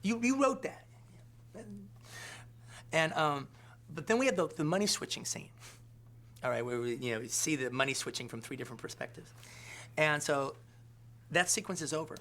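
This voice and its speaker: Male director, raised pitch, sharp bright tone, loose filler-heavy storyteller. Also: expressive, brisk, pauses often, slight background noise. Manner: rambling, filler-heavy, keeps asking "all right?". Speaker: film director. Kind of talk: interview anecdote.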